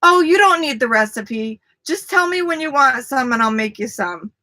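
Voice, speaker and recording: A cheerful older Italian grandmother, as a woman quotes her in a livestream chat, bright and a touch higher, generous and chipper. The sound is close and dry. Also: expressive, moderate pace, dry recording.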